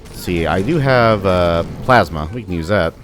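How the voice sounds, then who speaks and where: Chatty low-voiced man playing a game. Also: lively intonation, moderate pace, soft background music. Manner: joking, chatty, talks to enemies. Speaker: gameplay commentator. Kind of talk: casual let's-play commentary.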